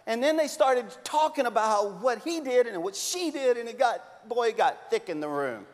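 A man preaching a sermon as a pastor, telling stories with big swings from loud to hushed. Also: very high-pitched, lively intonation, normal speed. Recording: long hall reverb.

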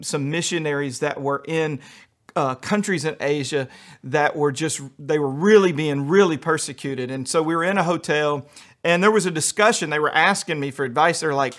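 An American pastor with a voice on the high side and a bit bright preaches a sermon full of funny stories. He tells them quickly and humorously, acting out the quotes.

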